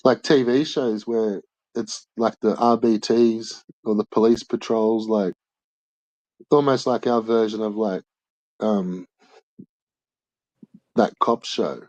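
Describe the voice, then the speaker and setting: A man's voice: on the low side, steady tone, slow, long pauses, a little mellow, no echo, low-quality recording. An Australian man in casual chat, telling rambling, sweary stories full of "like".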